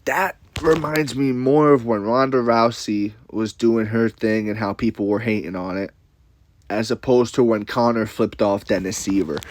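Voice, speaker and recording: A man ranting casually to camera with a blunt, profane, rambling manner, repeating himself. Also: medium pitch. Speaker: commentator.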